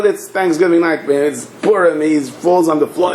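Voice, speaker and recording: A man's voice: a little high, brisk, hardly any pauses, a little mellow. A man, a rabbi, tells a story in a sermon and acts out its scenes with animation. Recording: echoey hall.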